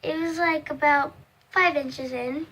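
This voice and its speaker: A young woman vlogger telling a storytime in casual, rambling chat, full of "like" and acting out the quoted voices in loud, high bursts. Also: fairly even intonation, unhurried. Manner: rambling, filler-heavy storytelling with many "like"s.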